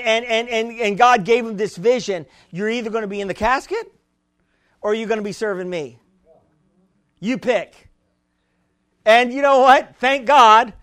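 High-voiced emphatic male preacher. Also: fairly bright tone, no echo. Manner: emphatic preaching with frequent repeated words. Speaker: pastor. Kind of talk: sermon.

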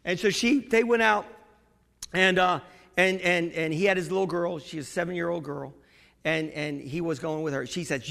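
A man preaching a sermon, moving between quiet storytelling and shouted exhortation to the congregation. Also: fairly high pitch, moderate pace, creaky. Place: church. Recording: long reverb of a church hall.

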